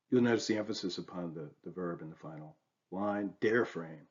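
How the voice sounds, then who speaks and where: A man's voice: low-pitched, a little fast, a little mellow, muffled recording. A man giving a recorded university lecture on poetry, talking it through with many rhetorical questions and "right?" checks. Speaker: literature lecturer.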